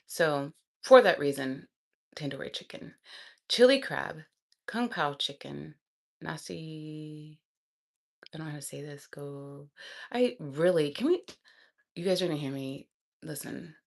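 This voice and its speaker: A woman vlogger chatting casually and thinking aloud, excitable and quick to laugh. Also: low voice, vocal fry.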